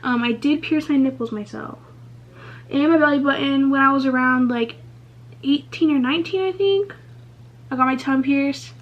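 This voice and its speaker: A woman's voice: high-pitched, moderate pace. A young woman vlogger in a casual get-ready-with-me Q&A, chatting candidly and swearing freely, full of "like" and "um". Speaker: beauty vlogger. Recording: slightly muffled lo-fi recording.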